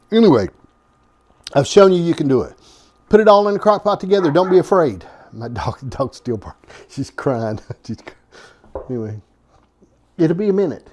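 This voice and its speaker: A man's voice: medium pitch, a little mellow. A man hosting his own home cooking vlog, talking in a folksy, rambling way with chuckling asides. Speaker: home cooking show host.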